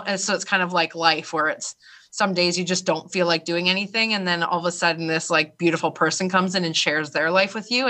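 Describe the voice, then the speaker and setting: A young woman talking fast and eagerly as a radio show guest, laughing often between thoughts. Her voice sits low in pitch but sounds bright and forward. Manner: fast, excitable talker who laughs often. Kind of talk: casual interview chat.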